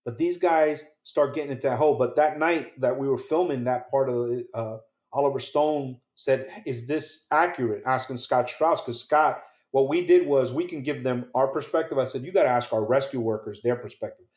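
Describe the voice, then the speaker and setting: A man, a guest on a show, talks through his own story in a mid-pitched voice. He is earnest and acts out what others said, then drops very soft at the hardest moments. The room around him is roomy and echoey. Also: moderate pace. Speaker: podcast guest, survivor telling his story. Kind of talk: emotional first-person storytelling.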